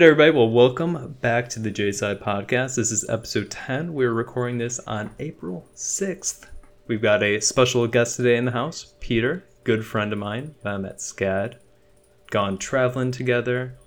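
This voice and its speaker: A young man hosts a podcast in an easygoing, laid-back way. His voice is gravelly and full of vocal fry. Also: mid-range voice, moderate pace. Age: young adult. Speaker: podcast host. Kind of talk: casual chat.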